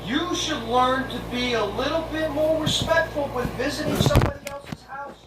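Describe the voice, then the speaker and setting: A man's voice: extremely high pitch, normal speed. A brash man, rants sarcastically at rival fans. He sounds far from the mic in a roomy space, and a noisy background runs under him. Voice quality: mocking and brash. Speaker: fan show host. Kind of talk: sarcastic comedic rant. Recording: roomy distant noisy video recording.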